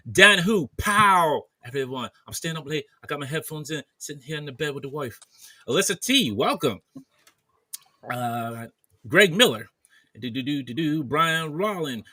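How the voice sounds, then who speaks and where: A man's voice: fairly high pitch, pushed and bright, breathy edge, no echo. A man hosting a casual podcast chat, reading off viewer names in a running list. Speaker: podcast host. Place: at home in bed, wearing headphones.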